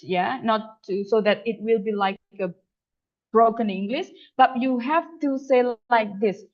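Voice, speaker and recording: A woman's voice: a little high, a little slow. A young woman gives a methodical lecture as an English teacher, repeating her examples and restarting words often. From Indonesia. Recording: dull lo-fi online lecture audio.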